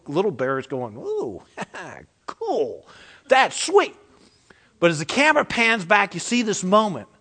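Pastor, male, high-pitched, animated storyteller, moves from loud stress to soft asides. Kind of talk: sermon.

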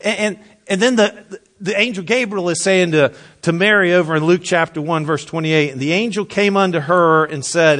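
A man's voice: moderate pace, fairly bright tone. Emphatic preacher man. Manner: emphatic preaching, drops low for emphasis, repeats words when restarting. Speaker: pastor. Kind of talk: sermon.

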